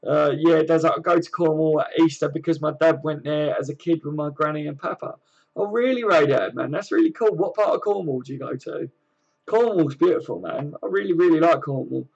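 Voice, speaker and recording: A fairly high-voiced man, casually chatting on his live stream. He reads out viewers' comments and answers them in an easygoing, slang-filled way. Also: fairly quick, gravelly, darkish tone, husky, lo-fi sound. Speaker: host of a fan live stream.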